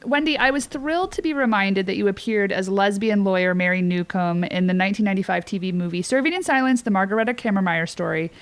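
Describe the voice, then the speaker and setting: A woman's voice: medium pitch, fast talker, few pauses. Enthusiastic woman podcast host. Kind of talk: casual interview chat.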